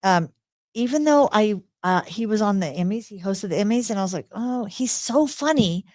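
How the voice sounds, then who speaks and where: A woman's voice: mid-range voice, fairly quick, a little mellow, dry recording. A woman co-hosting a podcast in casual chat, talking in bursts with frequent laughs and restarts. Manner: chatty, laughs often, restarts sentences. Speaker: podcast co-host.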